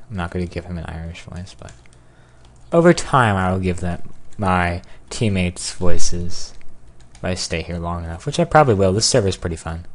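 A man giving casual gameplay commentary, excitable, yelping and cursing at what happens on screen. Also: low voice. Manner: excitable, yelps and curses at the game. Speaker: gamer.

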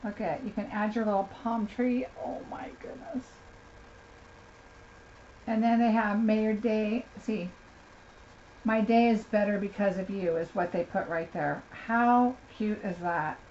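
Woman, chatty craft unboxing, excited and gushing, unhurried, slightly muffled lo-fi sound. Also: mid-range voice. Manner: gushing, chatty, talks to viewers by name. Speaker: craft demonstrator. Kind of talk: live unboxing chat. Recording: slightly dull lo-fi sound, faint noise.

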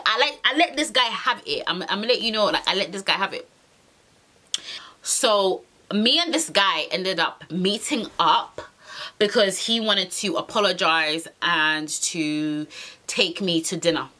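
A young woman with a London accent, telling a storytime vlog in an animated, heated way, full of slang. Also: medium pitch, moderate pace. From England. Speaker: vlogger.

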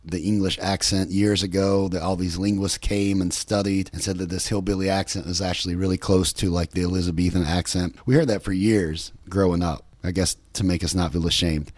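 A man's voice: low voice, darkish tone, no echo. A man from West Virginia with a light West Virginia accent, hosting a podcast in a rambling, easygoing way with chuckles. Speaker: podcast host. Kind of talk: casual solo podcast talk.

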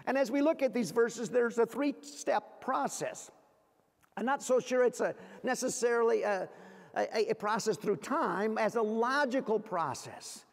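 A man preaching a sermon as pastor, earnest, often repeating words as he searches for the next phrase, and dropping low and quiet when he quotes scripture. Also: gravelly, in a large hall. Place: church sanctuary.

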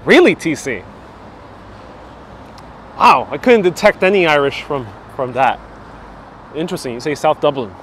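A man's voice: fairly high pitch, expressive, moderate pace, pauses often, a bit bright, slight background noise. A man hosting a live travel stream outdoors, chatting and joking as he answers viewer comments, on a clip-on mic. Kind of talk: casual live-stream chat while walking. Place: outdoors on town streets. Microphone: wireless clip-on mic.

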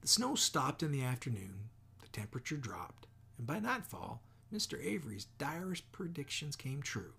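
A man reading a novel aloud as an audiobook, measured, often sinking to near whispers. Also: medium pitch, big pitch swings, vocal fry, bright, forceful tone, husky. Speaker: audiobook reader. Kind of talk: audiobook narration.

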